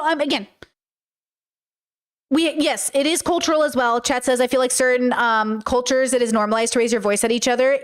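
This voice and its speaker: Loud, excitable high-voiced woman streamer. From grew up in a Middle Eastern home. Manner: loud, excitable, self-described yell talker. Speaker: streamer reacting to a video. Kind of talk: casual live-stream chat.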